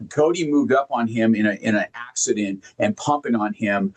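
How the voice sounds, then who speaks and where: A man giving a heartfelt motivational talk, sharing personal stories earnestly and emphatically, often halting and repeating words when moved. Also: lowish voice. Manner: emphatic, directly addresses listeners. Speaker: motivational speaker.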